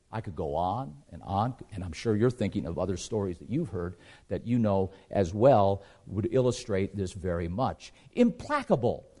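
A man preaching a sermon in an emphatic way, repeating phrases for stress and pausing on fillers between points. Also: mid-range voice, warm tone.

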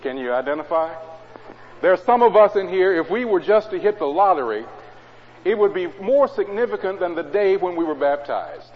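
A preacher giving a sermon in a church. He reads scripture loudly and drops to low, conversational asides. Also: very animated, moderate pace, a little hiss or hum. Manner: swings between loud scripture reading and low conversational asides. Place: church hall. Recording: dull, echoey hall recording.

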